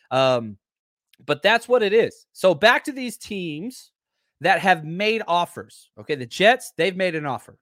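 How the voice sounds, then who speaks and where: A man hosts a live sports talk show and talks straight to his viewers in a brash, animated way. His voice sits a little high. The sound is dry and close, with no room echo. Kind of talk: casual live-stream sports commentary.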